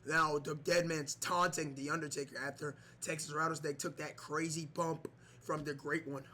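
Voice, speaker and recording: Man, wrestling game commentator, excited play-by-play, repetitive, high bright voice. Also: moderate pace, slight background noise. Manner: excited, repetitive, yells at big moves.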